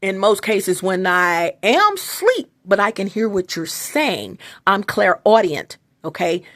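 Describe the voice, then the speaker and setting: A woman's voice: mid-range voice, big pitch swings, takes it slowly, a bit bright, no room sound. A woman vlogging to her phone in a loose, rambling monologue, emphatic and profane, with many restarts and asides.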